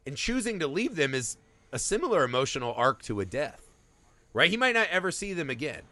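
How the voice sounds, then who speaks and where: Lively, bright-voiced man talking movies. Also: on the high side, a little fast, no echo. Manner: animated, swears freely, acts out movie moments. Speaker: podcast co-host. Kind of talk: casual film podcast chat.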